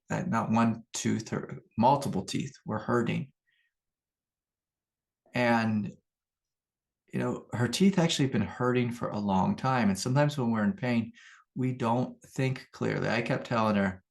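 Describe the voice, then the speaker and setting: A middle-aged man giving a calm, unhurried spiritual teaching talk as a meditation teacher, repeating his key phrases. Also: mid-range voice, gravelly.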